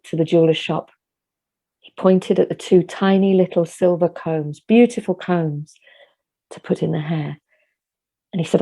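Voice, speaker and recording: A woman telling a folk tale at an online concert over a video call, gentle, measured and vivid. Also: on the low side, gravelly. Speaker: folk storyteller.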